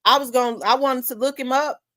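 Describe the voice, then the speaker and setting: A woman's voice: high-pitched, steady tone, brisk, fairly bright tone, dry recording. A woman host telling a story in casual chat, talking in winding asides and repeating herself.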